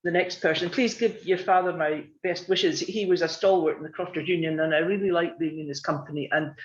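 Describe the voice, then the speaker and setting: A man chairing an online meeting, thanking a speaker and introducing the next one in a friendly, unhurried way. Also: on the high side, steady tone. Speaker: session chair. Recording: dull muffled audio.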